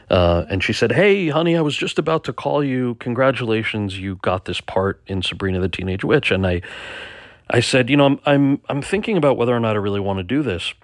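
An American actor and author with a lowish voice recounts his experiences in a reflective storytelling interview. He stammers and repeats words often and quotes people animatedly. The sound is clean studio audio with no echo.

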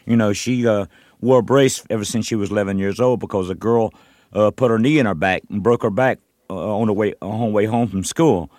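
An older man from North Carolina tells stories in a radio interview, looping back with "you know" and restarting his sentences. His voice sits a little low. The studio sound is close and dry. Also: brisk, a little mellow, dry recording. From North Carolina, USA. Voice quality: short of breath. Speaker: guest musician. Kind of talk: rambling interview storytelling.

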